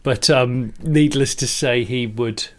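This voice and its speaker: A man's voice: mid-range voice, slow. A man co-hosting a podcast, telling rambling anecdotes in casual chat, full of restarts and laughs. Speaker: podcast co-host.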